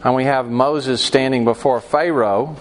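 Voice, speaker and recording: A man's voice: medium pitch, steady tone, a little slow, a little hiss or hum. A man leading a Bible study class in a conversational way, acting out quoted voices and asking the class questions.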